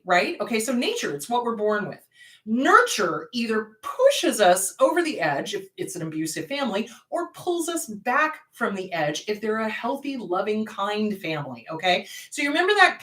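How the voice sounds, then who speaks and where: A woman's voice: on the high side, fairly bright tone. A woman therapist hosting a casual advice talk, emphatic and repeating words for stress. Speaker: therapist and show host. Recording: roomy, distant mic.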